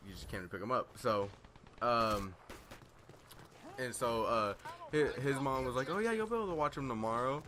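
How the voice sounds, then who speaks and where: A teenage gaming vlogger with a lowish voice rambles through a story while chatting casually over gameplay, with noise in the background. His telling is packed with fillers and self-deprecating remarks.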